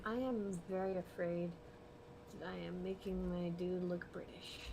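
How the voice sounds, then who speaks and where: A young woman rambles through a relaxed chat while she draws live on stream. She laughs a lot and drifts between lively talk and soft mumbling to herself, and a faint hiss sits under her voice. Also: on the low side, measured pace, vocal fry. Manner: rambling, chatty, laughs often. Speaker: art streamer. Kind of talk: casual chat while drawing.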